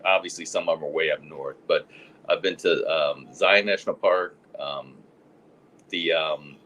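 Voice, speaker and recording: Deep-voiced man meandering in chat. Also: a little slow, a bit bright, dull audio. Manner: meandering, hesitant with many ums. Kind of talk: casual chat.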